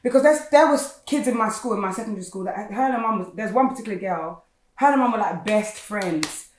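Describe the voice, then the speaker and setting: Brief: rapid-talking podcast co-host, pointed questions, roomy echo. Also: female voice, mid-range voice, expressive, a little hiss or hum. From African community. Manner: emphatic, poses questions rapidly. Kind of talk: casual chat.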